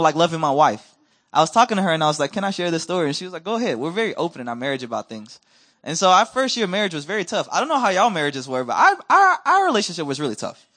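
A man preaching a sermon as a missionary, telling stories in a lively conversational way and acting out what others said. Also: on the high side. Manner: animated, acts out quoted voices, conversational. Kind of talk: storytelling sermon. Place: church.

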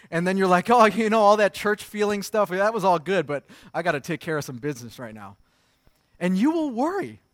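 A man's voice: sits high, dry recording. A man in his thirties preaching a sermon, telling stories about his young sons in an easy, conversational way. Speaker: pastor.

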